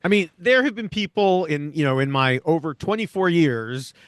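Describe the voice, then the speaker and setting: Middle-aged male co-host, higher register, dry close mic, analytical commentator. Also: expressive, no echo. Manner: measured and analytical, with frequent "you know" fillers. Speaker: podcast co-host, reality TV commentator. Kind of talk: casual podcast discussion.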